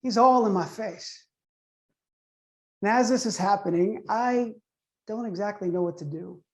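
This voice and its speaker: High-voiced man telling a personal story. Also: darkish tone. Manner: conversational, builds suspense with questions to listeners. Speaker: storyteller speaking to an online audience.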